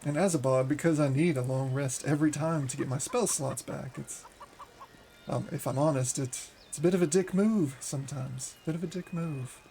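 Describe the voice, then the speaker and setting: A man's voice: on the high side, moderate pace, gravelly, dark tone, slight background noise. A man putting on a tipsy bard's accent. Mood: cheeky. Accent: theatrical put-on accent. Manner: cheeky, calls everyone dear. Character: tipsy, flamboyant male bard guest. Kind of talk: in-character banter over a game.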